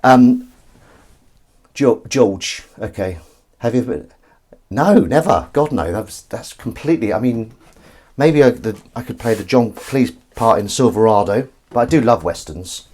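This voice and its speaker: A man's voice: mid-range voice, animated, unhurried, a little mellow, rough recording. A man hosting a livestream, chatting in rambling, self-mocking banter full of ums and asides while washing up in his kitchen. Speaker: livestream host. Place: home kitchen at the sink.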